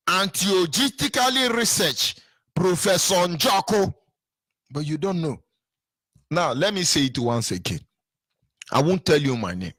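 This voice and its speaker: An older Nigerian man with a husky, bright voice delivers a fiery monologue, swinging widely up and down as he repeats words for emphasis. His tone sits fairly high, and the sound is dry and close. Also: dry recording. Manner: repetitive, emphatic, sing-song rises. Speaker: political commentator. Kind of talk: impassioned monologue.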